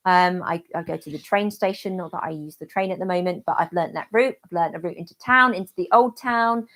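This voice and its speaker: A woman's voice: fairly low pitch, brisk, a bit bright. Woman host, from the UK, casual livestream chatter, easygoing and talkative. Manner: chatty, restarts and fillers, laughs often. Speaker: channel host, guide dog user.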